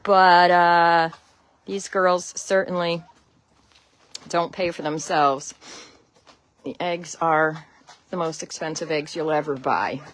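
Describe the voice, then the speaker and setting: A woman's voice: fairly low pitch, fairly even intonation, takes it slowly, pauses often. A woman from Connecticut with a Connecticut accent, hosting a casual live stream from her outdoor chicken run, greeting viewers by name and laughing often, on a phone she carries as she walks. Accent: Connecticut (American). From Connecticut, USA. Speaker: backyard chicken keeper, livestream host.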